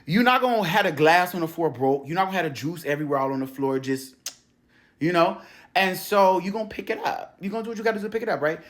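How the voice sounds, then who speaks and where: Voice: medium pitch, quick pace. Brief: loose, profane spiritual coach with street slang, laughs a lot and acts out scenes. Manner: tells stories acting out quoted voices. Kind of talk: casual spiritual coaching talk.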